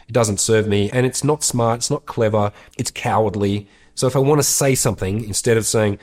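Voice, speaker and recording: A man's voice: on the low side, brisk, hardly any pauses, a little mellow. A man hosting an advice show, talking through a listener's question in a blunt, candid way with casual swearing.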